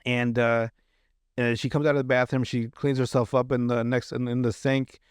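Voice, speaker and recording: With a flat delivery at moderate pace, this male podcast host's clean, medium-pitched voice comes through clean studio sound with no room sound. He recaps a TV episode casually, rambling with many fillers and restarts, and laughs often.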